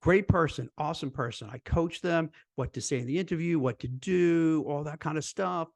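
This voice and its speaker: A man, a recruiter and career coach, giving casual job-interview advice in a chatty, animated way, full of "you know" and "like". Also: on the high side, moderate pace, vocal fry, dry recording. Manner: conversational, lots of fillers like "you know" and "like"; animated, acts out quoted voices. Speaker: recruiter and career coach hosting a live stream.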